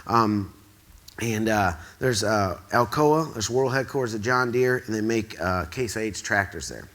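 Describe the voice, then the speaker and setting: A man's voice: fairly low pitch, a little slow. A man from the Quad Cities telling a rambling story on a theatre stage, acting out the dialogue as he goes. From Quad Cities, US Midwest. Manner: excitable, rambling, acts out quoted dialogue. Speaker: speaker at an awards event. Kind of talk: storytelling to a live audience.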